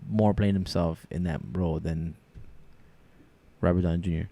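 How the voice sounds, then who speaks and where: Excitable man with a low voice. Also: normal speed. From Mexican family, from Durango. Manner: excitable, swears freely, loud laughs. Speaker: podcast co-host. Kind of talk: casual podcast banter.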